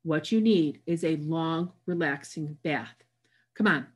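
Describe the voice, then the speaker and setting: A woman's voice: sits low, slow, husky, full character voice. A woman reading aloud, voicing a kind, doting older woman hostess who talks in a sweetly coaxing way.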